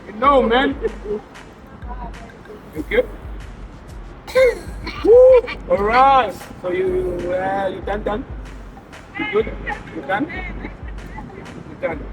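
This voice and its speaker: A man's voice: high-pitched, sing-song, takes it slowly, long pauses, crowd noise. A young South African man hosting a street challenge, playful and teasing as he hypes up contestants outdoors. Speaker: host of a street challenge show. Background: music playing.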